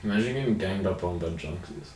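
A man's voice: low-pitched, quick pace, a little mellow, distant mic, slight background noise. A young Australian man co-hosting a casual podcast, laid-back and sweary, with dry jokes. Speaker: podcast co-host. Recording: echoey room, off-mic.

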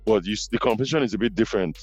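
A man hosting a casual podcast conversation, telling stories in an animated way with many asides. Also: lowish voice, very fast, no room sound, highs cut off, faint music behind. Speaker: podcast host.

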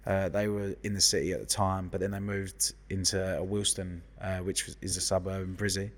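Low-voiced London man in his thirties. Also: fairly quick, long reverb tail. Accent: London English. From London, England. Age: 30s. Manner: sweary, lively storyteller. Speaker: guest hairdresser. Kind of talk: casual chat.

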